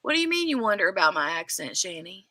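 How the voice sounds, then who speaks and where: A woman's voice: medium pitch, big pitch swings, fast, bright, forceful tone, dry recording. A woman with a Southern US accent from the Kentucky–Indiana border, chatting casually on a craft livestream and reading viewer comments aloud. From southern Indiana near Louisville, Kentucky.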